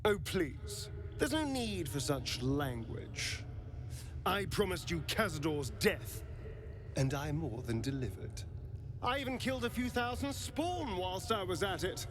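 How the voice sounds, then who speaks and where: A man's voice: high voice, sing-song, measured pace. An actor playing a smug, theatrical male elf vampire spawn in a video game, with a silky, drawling, sarcastic delivery. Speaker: companion character. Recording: game audio with ambient noise.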